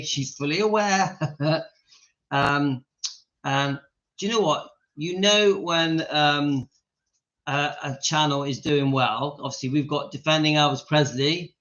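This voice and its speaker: Man, live-stream host, chatty, laughing a lot, bright forceful voice, dull lo-fi sound. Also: a little high, slow. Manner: giggly, keeps breaking into laughter; talks to his dog between remarks. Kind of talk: casual live-stream chat. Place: home, indoors.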